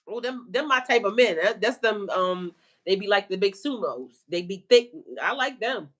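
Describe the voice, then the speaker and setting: A woman's voice: mid-range voice, animated, normal speed, a bit bright. A woman hosting a livestream as a spiritual life coach, chatting casually with viewers in a playful, slangy way and laughing often.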